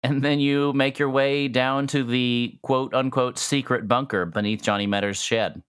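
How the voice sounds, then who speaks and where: A man narrating as game master of a tabletop game, in a loose, joking way, dropping low and quiet for asides. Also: fairly even intonation, normal speed, clear, resonant tone, dry recording, clean studio sound.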